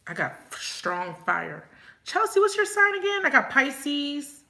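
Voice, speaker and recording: A woman's voice: high-pitched, very animated, slow pace, creaky, pushed and bright, roomy sound. A woman reading tarot cards in a casual live chat, swearing now and then and laughing often as she talks to viewers. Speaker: tarot reader.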